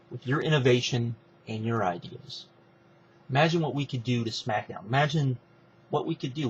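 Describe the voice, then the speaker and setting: A persuasive middle-aged wrestling executive lays out his grand plan, in a scheming, smooth-talking manner, as a man retells it. His voice sits in a middle register. The recording is a little muffled, with faint noise behind. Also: mid-range voice, natural voice.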